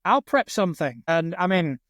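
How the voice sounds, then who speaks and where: A man with a northern English accent chats casually as a podcast co-host. He is blunt and sweary and pokes fun at himself, and his voice sits a little high. The room is dry and close. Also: sing-song, moderate pace, a bit bright, dry recording. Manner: blunt and sweary, self-deprecating. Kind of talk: casual chat.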